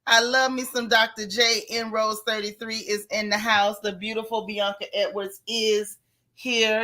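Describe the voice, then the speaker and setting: Bright-voiced woman livestream host. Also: fairly high pitch. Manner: greets viewers one by one with pet names like girl, sis and boo. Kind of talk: casual livestream chat.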